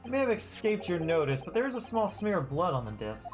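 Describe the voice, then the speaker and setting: A streamer voicing a young defense lawyer from a text game, earnest and steady. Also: medium pitch, fast talker, soft background music, pitched above the performer's own voice, natural voice. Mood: accusing.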